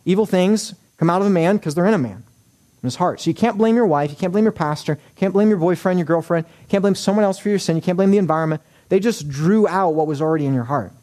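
A man preaching a sermon as pastor, animated, acting out quoted voices with wry humor. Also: sits high, fast.

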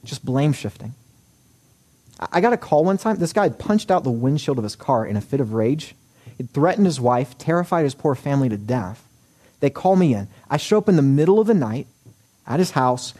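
A man preaching a sermon as pastor, animated, acting out quoted voices with wry humor. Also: mid-range voice, fairly quick.

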